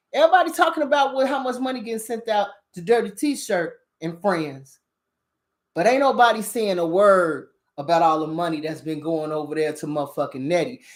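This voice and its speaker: A woman giving a heated, profanity-laced rant on current events, combative and emphatic as she talks straight to her viewers. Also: medium pitch. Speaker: spiritual commentator on current events.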